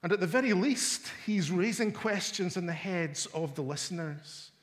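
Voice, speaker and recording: A man preaching a sermon, dramatic, swinging from loud emphatic lines to hushed low ones. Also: lively intonation, normal speed.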